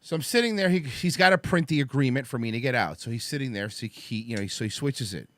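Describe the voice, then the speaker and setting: Speaking fast in a medium-pitched voice, this man is recorded with no room sound. He's a talk show host spinning a story casually, animated and profane, performing the other people he encountered.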